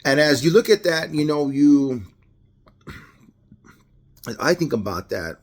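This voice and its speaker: A man's voice: on the high side, expressive, slow. A man from Los Angeles with a Los Angeles accent, giving a casual, rambling, unscripted devotional talk with many restarts. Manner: casual, rambling, self-correcting, laughs often. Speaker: lay devotional speaker.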